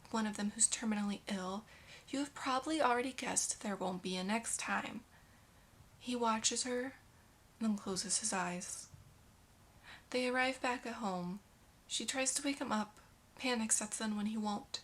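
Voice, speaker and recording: Young woman, casual wry film reviewer, slightly high pitch. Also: a bit bright. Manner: sarcastic asides. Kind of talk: casual film recap and critique.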